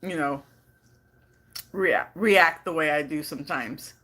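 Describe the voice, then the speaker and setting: Low-voiced and slow, with a slightly bright tone, a California vlogger from the Bay Area chats casually on her live stream. She's talkative and playful, reading viewer comments aloud.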